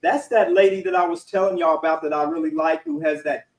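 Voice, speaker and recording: A man's voice: fairly high pitch, fairly even intonation, quick pace, a little mellow, far from the mic. A man hosting a casual panel chat and pulling up clips as he talks. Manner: chatty, works the screen while talking. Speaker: panel host. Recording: roomy sound, away from the mic.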